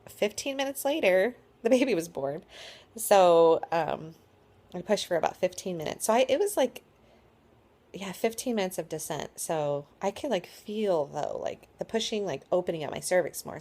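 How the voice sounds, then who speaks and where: Tired, chatty low-voiced woman. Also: expressive, normal speed, darkish tone, slightly rough. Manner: chatty, rambling, with frequent likes and ums. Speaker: vlogger. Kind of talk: casual birth story vlog.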